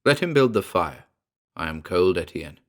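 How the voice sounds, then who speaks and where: A man voicing an old, dignified talking cat who is the narrator's father, speaking gravely and formally. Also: low voice, very animated, normal speed, fairly bright tone.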